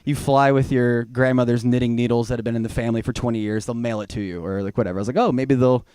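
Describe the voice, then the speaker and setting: A man's voice: mid-range voice, steady tone, racing, darkish tone, clean tone, no room sound, clean studio sound. A young man from Georgia doing a rambling, profane stand-up set in a small venue. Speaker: stand-up comedian.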